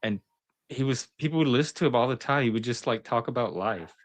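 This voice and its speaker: A man's voice: medium pitch, fast. A man hosting a casual online talk panel, easygoing and laughing often. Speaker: former teacher. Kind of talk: casual talk-show chat.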